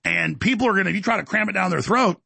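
A man's voice: very fast, vocal fry, bright, forceful tone, husky, no room sound. A middle-aged man hosting a talk show, ranting emphatically and acting out quotes. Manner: heated, emphatic, acts out quotes in higher voice. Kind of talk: ranting monologue.

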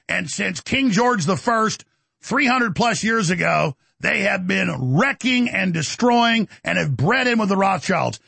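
Gravelly ranting man. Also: high-pitched, dry recording. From Texas. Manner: heated, mocking, often shouting. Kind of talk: ranting monologue.

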